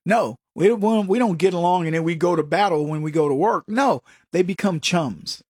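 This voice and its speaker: A man with a notably high voice rants through an opinion monologue, combative and sarcastic. He mocks his opponents as he goes. The sound is close and dry, with no room at all. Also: normal speed, darkish tone, husky, no room sound. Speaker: political commentary show host.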